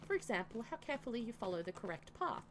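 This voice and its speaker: A woman's voice: a little high, very animated, fast, a little hiss or hum. A woman reading aloud a riding instructor's game dialogue in an explanatory tone. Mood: instructive.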